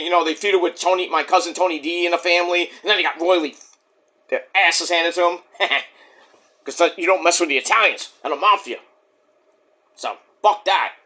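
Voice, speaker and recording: A man reviewing a wrestling show in a casual solo vlog, excitable and profane, acting out quotes in silly voices. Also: high voice.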